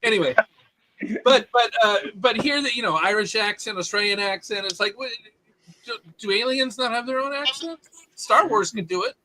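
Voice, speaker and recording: A man co-hosting a casual podcast chat, talking in an animated, rambling way with lots of restarts. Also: sits high, moderate pace, low-quality recording. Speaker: podcast co-host.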